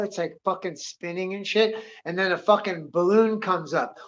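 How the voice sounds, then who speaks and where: A man's voice: high-pitched, moderate pace, few pauses, low-quality recording. Profane rambling man telling a wild story. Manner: profane, excitable, drawling with "dude"; acts out sound effects and voices. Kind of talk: rambling comic monologue.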